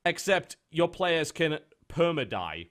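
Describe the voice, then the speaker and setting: Man ranting with animated exasperation. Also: on the high side, takes it slowly. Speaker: podcast co-host. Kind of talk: casual chat.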